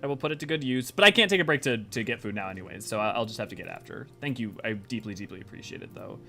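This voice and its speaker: Animated, chatty man streaming games. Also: lowish voice, rapid-fire, vocal fry. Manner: animated, rambling, chatty with viewers. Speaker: game streamer. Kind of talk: casual live-stream chat.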